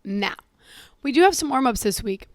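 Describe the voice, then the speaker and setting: A young woman hosting a casual solo podcast, sassy and profane, laughing often and calling her listeners girl and queen. She is tired and a little hoarse. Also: fairly high pitch, animated, moderate pace, no echo, studio quality. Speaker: podcast host.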